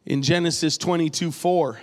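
A man from New England preaching a sermon as the pastor, animated and joking as he tells stories. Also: on the high side, normal speed. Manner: animated, jokey storytelling preacher. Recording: long reverb in a large hall.

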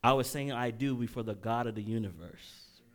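A man's voice: medium pitch, moderate pace. A middle-aged man preaching a sermon, telling a personal story and calling out questions to the congregation. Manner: animated preaching, audience call-outs, emotional storytelling. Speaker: pastor.

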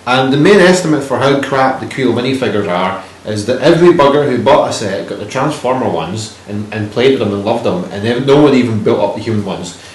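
A man's voice: mid-range voice, lively intonation, fairly quick, hardly any pauses. A man co-hosting a podcast in casual chat, rambling, joking and swearing. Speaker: podcast co-host. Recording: roomy room with faint noise.

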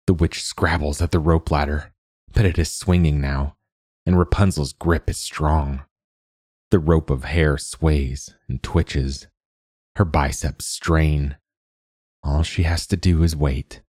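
A man reading a short story aloud in a measured, deliberate way as a podcast host and narrator. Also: a bass voice, a little mellow, no room sound, clean studio sound.

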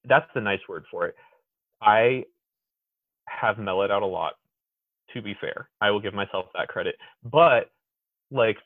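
A man as a podcast guest in casual chat, an animated, exuberant storyteller. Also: on the low side, dry recording. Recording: tinny phone-like dry sound.

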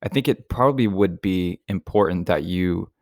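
A man talks on a podcast in an earnest, rambling, thoughtful way. His voice is very deep. The sound is dry and close. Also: normal speed, darkish tone, no room sound. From Southern Alabama, US. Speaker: podcast co-host. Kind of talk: casual podcast chat.

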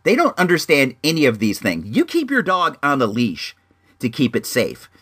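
A young man ranting in a casual monologue, emphatic and swinging high when worked up. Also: wildly swooping pitch, normal speed, a bit bright. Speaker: vlogger.

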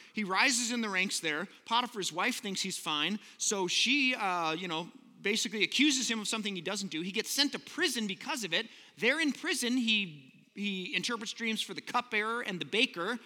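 A man preaching a sermon, retelling scripture casually and slowing down for emphasis. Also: high-pitched, pushed and bright, in a large hall. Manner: casual storytelling, switching to slow emphatic delivery. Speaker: pastor.

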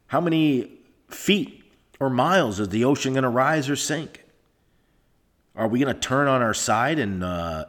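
Rambling sarcastic man, husky voice. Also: medium pitch. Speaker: podcast host. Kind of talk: rambling solo podcast monologue. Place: soundproofed room at home. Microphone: microphone recorded to laptop.

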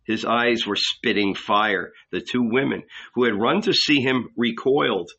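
Slow, bright-toned male narrator. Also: medium pitch, slightly rough, highs cut off. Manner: measured, dramatic narration. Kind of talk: audiobook reading.

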